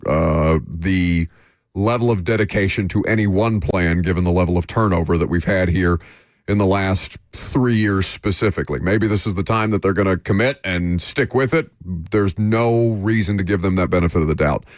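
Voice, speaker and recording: A sports radio host with a very low voice, voicing opinions frankly and stumbling through restarts as he thinks aloud. The sound is close and dry, straight into a studio mic. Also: moderate pace, no room sound. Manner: opinionated, with frequent fillers and restarts.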